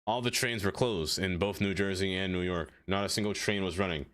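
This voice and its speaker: Chatty man with a low voice. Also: a little fast, fairly bright tone. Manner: rambling, chatty, answers viewers by name, many "like" fillers. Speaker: streamer. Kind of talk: casual live-stream chat while playing a city-building game.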